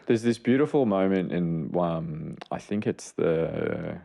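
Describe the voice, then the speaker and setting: A man's voice: low voice, expressive, slow, gravelly, warm tone. A man co-hosting a podcast and explaining child mental health in an earnest, rambling way, correcting himself as he goes. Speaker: podcast co-host, child clinician. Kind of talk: casual explanatory chat.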